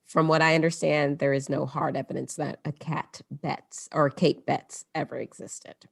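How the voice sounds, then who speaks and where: A woman's voice: sits low, flat delivery, moderate pace, creaky, slightly rough, no echo, studio quality. A woman hosting a podcast and telling a story casually, moving between read passages and chatty asides. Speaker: podcast host.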